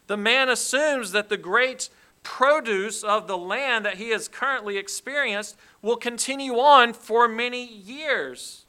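Slow, bright-voiced male preacher. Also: very high-pitched, smooth, low-quality recording. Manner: deliberate, emphatic expository preaching. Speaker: pastor. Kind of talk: sermon.

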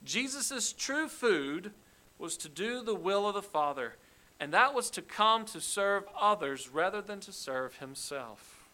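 A man's voice: sits high, very animated, unhurried, sharp tone. A man preaching an expository sermon, emphatic and dramatic, acting out the quoted lines with rising force. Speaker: pastor.

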